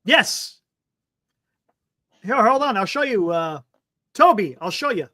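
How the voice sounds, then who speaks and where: A man with a high voice co-hosting a sports talk show, mostly adding quick reactions and asides. His voice is recorded dry and close, with no room echo. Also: lively intonation, pushed and bright. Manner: chimes in with short reactions and asides. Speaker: podcast co-host.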